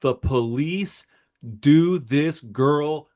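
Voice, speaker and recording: A man co-hosting a podcast, telling a story in a rambling, animated way, peppered with swearing and "bro" and "dude.". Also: fairly high pitch, drawn-out words. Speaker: podcast co-host. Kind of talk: casual chat.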